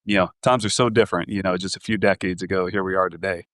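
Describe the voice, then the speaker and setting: A man's voice: low voice, fairly even intonation, fast talker, fairly bright tone, dry recording, studio quality. Friendly conversational podcast co-host, a man. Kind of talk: casual interview chat.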